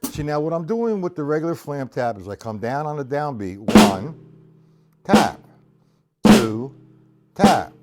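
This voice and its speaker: A man's voice: on the high side, a little fast, over loud music. A middle-aged man teaching drum rudiments on a live stream, counting beats aloud and chatting casually with viewers. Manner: counts beats aloud over his own drumming, chatty asides to viewers. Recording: loud drum kit playing alongside the voice.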